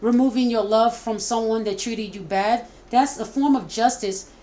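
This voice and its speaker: A woman's voice: fairly high pitch, normal speed. Emotional woman giving a tarot reading. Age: middle-aged. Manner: warm, repetitive, stumbling, emotional. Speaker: tarot reader. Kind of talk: casual spoken tarot reading.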